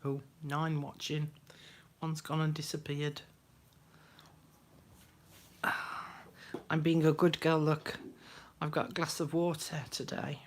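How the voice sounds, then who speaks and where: Low-voiced older woman chatting. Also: little pitch movement, slow pace, pauses often, slight background noise. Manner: chatty, greets viewers by name, drops to soft murmurs while working. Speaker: craft live-stream host. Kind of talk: casual live-stream chat while crafting.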